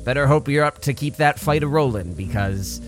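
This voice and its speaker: A man's voice: mid-range voice, expressive, brisk, soft background music. A man playing a tabletop game in character, folksy and rambling. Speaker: player.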